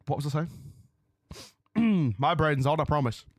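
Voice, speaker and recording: A man's voice: fairly high pitch, expressive, measured pace, no room sound, clean studio sound. A man hosting a live wrestling watch-along from home, chatting casually with his viewers and often losing his train of thought. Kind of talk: casual live-stream chat. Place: home room.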